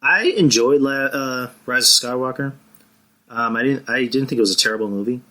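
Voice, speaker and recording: A man's voice: mid-range voice, moderate pace, pushed and bright. A man chatting casually on a podcast, rambling with frequent restarts and casual swearing. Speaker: podcast co-host.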